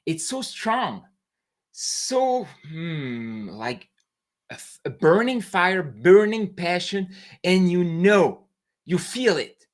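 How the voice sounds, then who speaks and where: French canadian guy coaching live at night, slow talker, pitch jumps all over, broken english. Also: sing-song. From New Brunswick, Canada. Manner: emphatic, fervent, halting non-native English with broken phrasing. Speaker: entrepreneur coach. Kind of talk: late-night live stream monologue.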